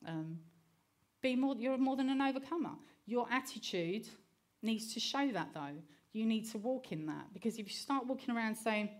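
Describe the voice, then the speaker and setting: A middle-aged woman preacher delivers an earnest sermon in a fairly high voice with lively intonation at a normal speed. She blends personal stories with scripture and often checks in with listeners by asking "okay?"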